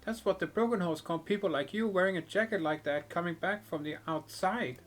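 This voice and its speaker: A man's voice: high-pitched, fairly quick, fairly bright tone, voice pushed up. A man doing a sassy little girl. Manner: teasing, sassy. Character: cheeky little street girl.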